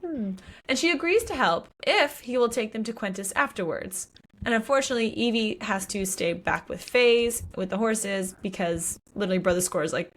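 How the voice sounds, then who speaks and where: Speaking briskly in a fairly high voice, this woman co-hosts a podcast and breezes through a book recap. She voices the characters' quotes herself, throwing in curses and exclamations as she animatedly retells it.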